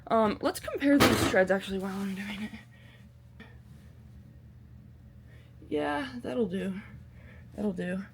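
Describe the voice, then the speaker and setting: A woman's voice: mid-range voice, lively intonation, slow pace, vocal fry, pauses often, slight background noise. A woman vlogging in a casual, rambling way, bubbly and self-deprecating, swearing freely and using a lot of slang. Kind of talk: casual chatty vlog.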